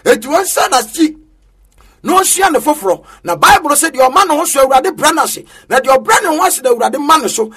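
A man with a Ghanaian accent preaching a sermon in an emphatic, half-sung style that rises to shouts. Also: very high-pitched, very animated, brisk.

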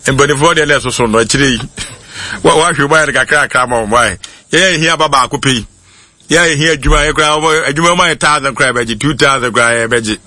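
A man's voice: a little high, bright, forceful tone, dry recording. A Ghanaian-accented man talking casually to his YouTube viewers, laughing often and mixing in English phrases. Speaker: YouTube commentator. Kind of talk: casual monologue.

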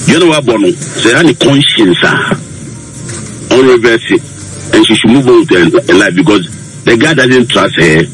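A man's voice: lowish voice, animated, normal speed, fairly bright tone, soft background music, rough recording. A man, a counselor on a radio talk show, giving earnest, preachy advice and mixing English with Twi.

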